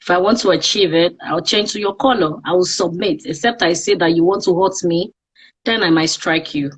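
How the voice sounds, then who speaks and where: A woman's voice: fairly low pitch, moderate pace, husky. A woman with a Nigerian accent, a guest on a live-streamed interview, talking candidly and reflectively about her life. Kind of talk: casual interview on a social media live stream.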